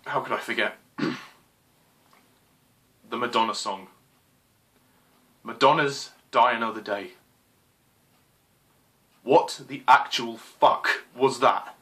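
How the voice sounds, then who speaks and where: A man's voice: mid-range voice, slow, pauses often, sharp tone. Exasperated young man ranting about a movie. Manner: frustrated, exclaiming, swears, apologizes. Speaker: movie reviewer.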